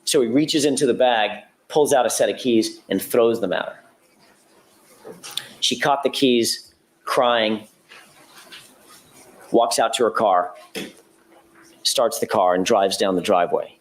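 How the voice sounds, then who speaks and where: A man giving a courtroom opening statement as a prosecutor, laying out events in a measured, methodical way with an occasional self-correction. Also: fairly low pitch.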